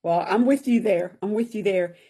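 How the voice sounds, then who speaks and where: A woman's voice: medium pitch, normal speed, dark tone, breathy edge. A woman hosting an interview, asking short questions and giving brief, encouraging replies. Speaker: host. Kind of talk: casual interview talk.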